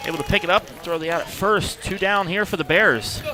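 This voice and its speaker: Man calling play-by-play, slightly high voice. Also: crowd noise, rough recording. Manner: brisk, matter-of-fact pitch calls. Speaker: play-by-play announcer. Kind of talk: live high school baseball play-by-play. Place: outdoor ballpark.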